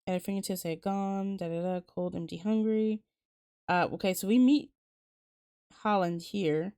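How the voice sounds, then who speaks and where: A woman's voice: mid-range voice, moderate pace, mellow, clean tone. A woman streamer hosting a casual book talk, rambling candidly with lots of fillers and the odd swear word. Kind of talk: casual chat.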